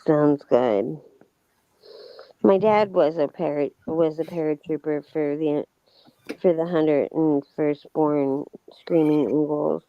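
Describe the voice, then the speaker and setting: A man on a casual chat show who speaks slowly and gives short replies. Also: a little high, dry recording, highs cut off.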